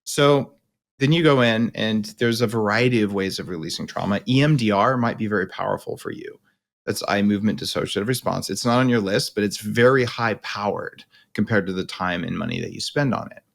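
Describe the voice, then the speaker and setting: Male podcast host, low-pitched, blunt, emphatic coaching talk. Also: brisk, vocal fry. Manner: blunt, emphatic explainer with casual slang. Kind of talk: coaching conversation.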